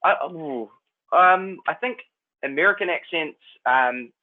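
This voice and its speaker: A New Zealand man with a Kiwi accent, an actor chatting as a guest in a relaxed, rambling way. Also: on the high side, a little slow. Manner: laid-back, rambling, says "man" and "like" a lot. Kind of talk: casual chat. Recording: tinny phone-like line.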